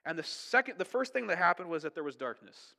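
A man's voice: high voice, very animated, fast talker, creaky, sharp tone. Conversational preacher man in an echoey hall. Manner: conversational preaching, frequent "right?" and "okay?". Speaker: pastor. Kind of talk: sermon.

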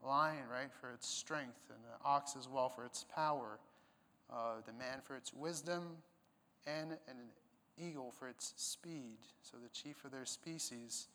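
A man's voice: medium pitch, unhurried, sharp tone, big-room sound. A man preaching a sermon, explaining a passage emphatically, with some fillers and restarts. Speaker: pastor.

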